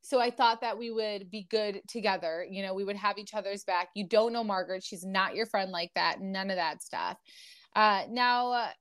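In a laid-back recap chat, a young female podcast co-host wanders from point to point with plenty of "um"s and false starts. Her voice is medium-pitched and fairly bright, at an ordinary pace.

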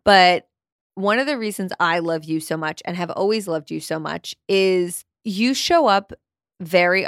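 An American woman hosting a podcast, gushing and excitable in casual chat. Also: on the low side, no room sound, clean studio sound. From United States. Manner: gushing and excitable, quick asides. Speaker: podcast host.

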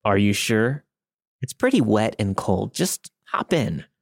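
A man's voice: fairly low pitch, very animated, a little slow, no echo, clean studio sound, heavily acted. A man voicing a creepy, grinning male stranger who pushes a lone walker to get into his car. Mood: pushy. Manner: insistent, turning menacing.

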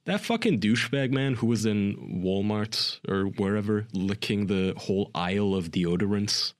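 Lower-voiced blunt man on a podcast. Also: moderate pace. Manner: blunt, crude and outspoken. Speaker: podcast co-host. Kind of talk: casual chat.

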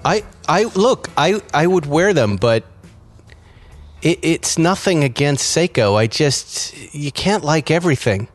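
A man's voice: on the high side, lively intonation, unhurried. Male podcast host, casual rambling self-mocking banter, faint music bed underneath.

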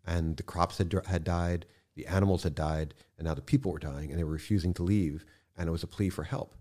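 A man speaking as a podcast guest in casual conversation, impassioned, swearing freely and swinging from quiet to loud bursts. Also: deep voice, steady tone, fairly quick.

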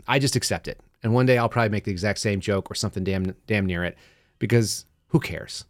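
A man hosting his podcast, talking fast and casually and laughing now and then at his own stories. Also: lowish voice, no room sound, studio quality. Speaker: podcast host. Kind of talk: casual talk show monologue. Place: studio.

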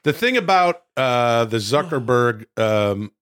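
A man's voice: mid-range voice, lively intonation, slow, a bit bright, dry recording. A man co-hosting a comedy podcast, improvising goofy bits in casual banter. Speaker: podcast co-host.

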